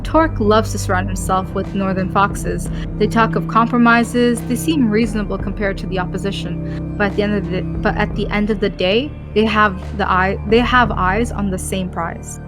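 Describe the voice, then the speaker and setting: A woman's voice: mid-range voice, steady tone, normal speed, natural voice. A woman voicing a cynical, plainspoken female radical as she reads a game's dialogue aloud, with game music underneath. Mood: scornful. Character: sharp-tongued female radical speaking out against a baron.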